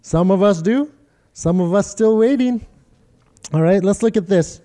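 High-voiced man preaching with animated storytelling. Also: measured pace. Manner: animated storytelling, quoting others in funny voices, talks directly to the congregation. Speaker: pastor. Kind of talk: sermon.

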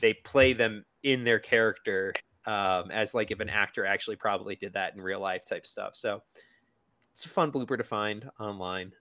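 A man's voice: lowish voice, normal speed, noisy background. A man co-hosting a podcast, chatting casually about a movie with plenty of fillers and playful asides. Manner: chatty, lots of fillers, quotes characters in a silly voice. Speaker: podcast co-host.

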